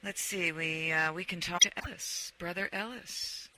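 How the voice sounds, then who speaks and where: A man's voice: sits high, moderate pace, pushed and bright, poor audio. A man hosting a call-in radio talk show, steering the conversation emphatically.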